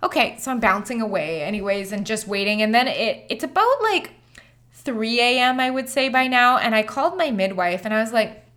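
A young woman casually telling her own birth story, chatty and animated, with frequent filler words. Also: on the high side, moderate pace.

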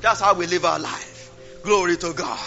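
Nigerian pastor, very high tense voice, impassioned, repeats himself; muffled lo-fi recording with faint music. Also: male voice, fairly even intonation, moderate pace. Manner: impassioned, shouting, repeats phrases, speaks in tongues. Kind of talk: fervent sermon.

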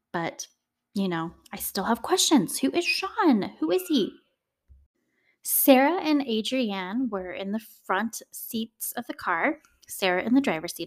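Chatty woman hosting a true crime podcast. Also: medium pitch. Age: adult parent. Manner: chatty, indignant asides to listeners. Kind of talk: casual storytelling.

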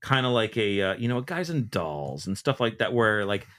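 A man co-hosting a podcast in casual chat, dropping wry, quick quips. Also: fairly low pitch, very animated, a bit bright. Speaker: podcast co-host.

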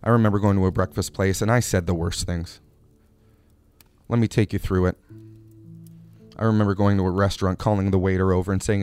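Male comedy host, lowish voice, deadpan absurd monologue, faint music underneath. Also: fairly quick, pauses often, clean tone. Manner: absurd, drawling, playful asides.

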